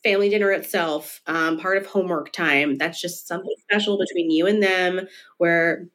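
Speaking at normal speed with fairly low pitch, fairly even intonation and a slightly bright tone, the psychologist describes her work in a conversational interview. She draws out key words to stress her points.

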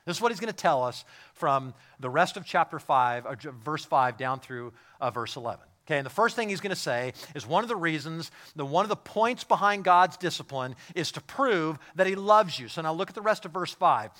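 A man preaching a sermon as a pastor, swinging from hushed, quiet lines to loud, emphatic ones and repeating phrases for emphasis. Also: fairly high pitch, expressive, brisk, hardly any pauses.

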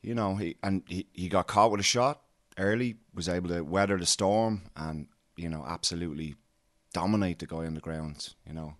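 A man, a coach answering interview questions, slightly hoarse from cheering, emphatic and full of "you know". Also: low voice, moderate pace, no room sound, studio quality. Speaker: MMA coach.

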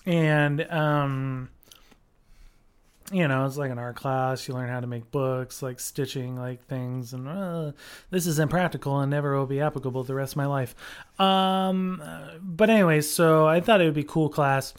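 A young man tells a story on his podcast in a smooth, clear voice. He rambles, fills gaps with ums and likes, and grows animated as the story goes on. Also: on the high side, moderate pace. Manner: rambling, animated, full of fillers. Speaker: podcast host. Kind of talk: casual storytelling.

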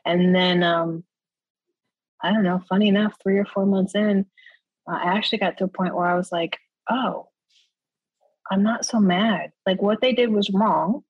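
A woman guest speaking candidly and earnestly in conversation, often checking in with "right?" and laughing softly between thoughts. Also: medium pitch, normal speed, pauses often, no echo, dull audio. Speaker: interview guest. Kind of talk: candid personal testimony in conversation.

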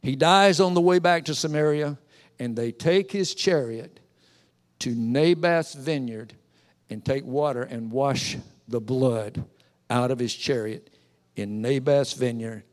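Animated preacher man in a reverberant hall. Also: medium pitch, a little slow. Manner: storytelling preacher acting out characters, animated. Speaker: pastor. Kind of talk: sermon. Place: church sanctuary.

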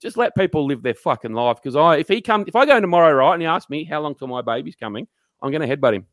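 An Australian man with a somewhat high voice tells stories in a loose, swearing, animated way, slipping into quick impressions of the people he's describing. The sound is very dry and close, with no room around it. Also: no room sound. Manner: swearing, animated mimicry of coworkers. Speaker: podcast co-host. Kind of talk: casual storytelling chat.

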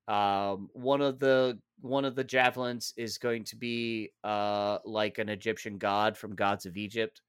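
A man's voice: fairly low pitch, steady tone, measured pace, hardly any pauses, fairly bright tone, clean tone, dry recording, studio quality. A man co-hosting a casual gaming podcast, joking and ranting with a lot of swearing. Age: adult father of three. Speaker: podcast co-host.

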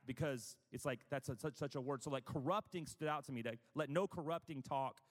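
A man's voice: medium pitch, brisk. Chatty preacher man in a reverberant hall. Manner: chatty and self-deprecating, with frequent asides. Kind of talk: conversational sermon.

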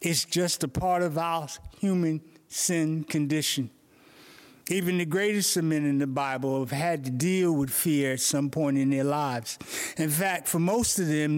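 A male pastor preaching an earnest morning sermon, telling stories to make his points. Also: a little high.

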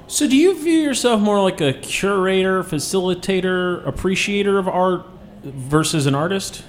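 A man's voice: high-pitched, lively intonation, moderate pace, a little hiss or hum. A man hosting a radio show, interviewing a guest in a teasing, playful way. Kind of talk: casual interview.

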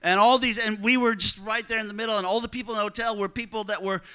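Bright, high-voiced man telling a story. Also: fast talker, smooth. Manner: animated, joking, acts out dialogue. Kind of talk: personal travel story told to an audience.

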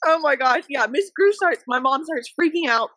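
A young woman telling a high-school story in casual chat, animated and full of "like". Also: moderate pace, dry recording. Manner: animated, lots of "like", laughs often. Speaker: podcast guest.

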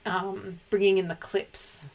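A woman's voice: medium pitch, level tone, takes it slowly, over a noisy crowd. A woman co-hosting a casual pop culture chat, emotional and chatty, often restarting her sentences. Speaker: podcast co-host.

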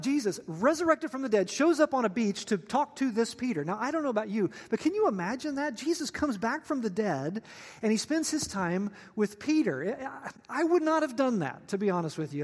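A male pastor preaching a sermon in a chatty, joking way, often putting questions to his listeners. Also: sits high. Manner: conversational and joking, asks the audience questions. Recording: long reverb of a large hall.

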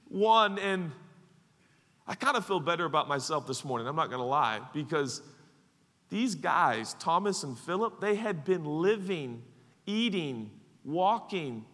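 A man preaching a sermon, animated and quick to act out the people in the story. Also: a little high. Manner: animated, acts out the disciples in quick voices. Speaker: pastor. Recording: long hall reverb.

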